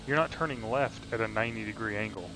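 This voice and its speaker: A man's voice: fairly low pitch, fast talker, over music. Male co-host, goofy banter, keen on silly voices. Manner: joking, slips into silly put-on voices. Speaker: podcast co-host. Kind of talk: casual comedic chat.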